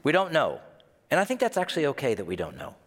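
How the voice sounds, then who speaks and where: A man's voice: on the high side, huge pitch swings, quick pace. A man preaching a sermon, telling a story vividly and acting out the voices of the people in it. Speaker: pastor. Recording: long hall reverb.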